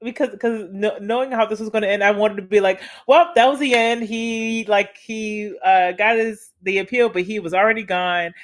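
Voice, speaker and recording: A co-host in a casual movie review chat who talks haltingly and often starts over. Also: medium pitch, steady tone. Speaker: podcast co-host.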